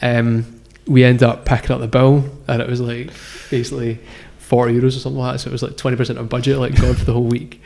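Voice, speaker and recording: A man's voice: mid-range voice, level tone, quick pace, vocal fry, hardly any pauses, darkish tone. Rambling man telling a story. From Scotland. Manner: rambling, filler-heavy, self-correcting. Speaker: guest founder. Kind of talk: casual storytelling interview.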